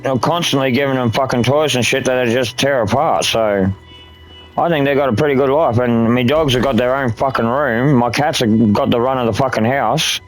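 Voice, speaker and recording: A man's voice: medium pitch, rough recording. A man chatting casually while gaming, rambling and swearing a lot. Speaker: gaming streamer.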